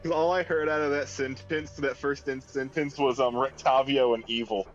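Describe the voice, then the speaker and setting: A man's voice: mid-range voice, steady tone, normal speed, highs cut off, faint music behind. A man running a tabletop game, teasing and bantering with the players.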